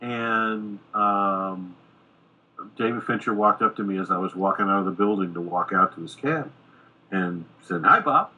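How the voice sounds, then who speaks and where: A man's voice: deep voice, moderate pace, breathy edge, dull audio. Middle-aged man telling a film-set story. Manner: animated anecdote-telling, acting out quoted dialogue. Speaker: screenwriter guest. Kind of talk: casual storytelling in a podcast interview.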